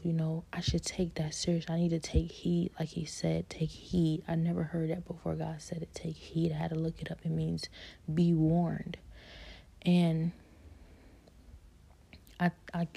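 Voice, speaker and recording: A woman giving a personal faith testimony in a soft, halting way, often slipping into a whisper. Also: low voice, vocal fry, slightly rough. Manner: fillers like "like" and "you know".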